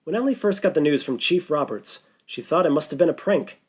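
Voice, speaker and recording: A man reading a thriller audiobook in a steady, even narration. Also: a little high, a little fast, breathy edge. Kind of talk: scripted narration.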